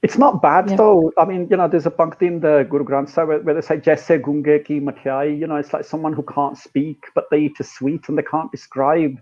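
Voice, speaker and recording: A man's voice: on the high side, fast, few pauses, dull audio. A British man, a guest musician and academic, explaining ideas in a casual chat and dropping in Punjabi phrases, with a frequent "right?" and "you know". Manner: animated storyteller, mixes in Punjabi phrases, says "right?" and "you know" often.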